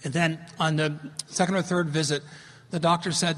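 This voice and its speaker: A man in his fifties giving an animated, emphatic public science lecture in a large hall. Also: on the high side, moderate pace. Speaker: lecturer on fungi. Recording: long reverb of a lecture hall.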